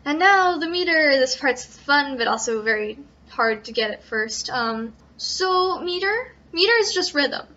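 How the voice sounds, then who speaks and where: A woman's voice: high-pitched, lively intonation, a little slow, hardly any pauses, bright, forceful tone. A young woman explaining how to write a sonnet in an informal tutorial, hesitant, with frequent ums and self-corrections. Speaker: student presenter. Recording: dull lo-fi recording.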